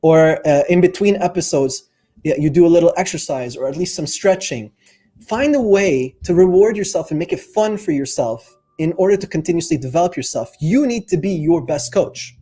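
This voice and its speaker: A man's voice: on the high side, animated, normal speed, dark tone. A man coaching viewers in a casual, earnest monologue, thinking aloud with fillers and speaking openly about his feelings. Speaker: life coach. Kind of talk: casual reflective monologue to camera.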